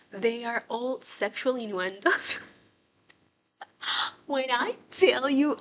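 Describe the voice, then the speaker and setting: A young woman giving casual reaction commentary on a TV show, excitable and swearing, breaking into laughs. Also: mid-range voice, slow. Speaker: show reviewer.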